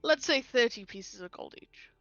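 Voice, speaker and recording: A woman playing a tabletop game, bargaining in character with a brisk, bossy, cheeky manner. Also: on the high side, animated, fairly bright tone, no echo, highs cut off, soft background music. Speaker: player.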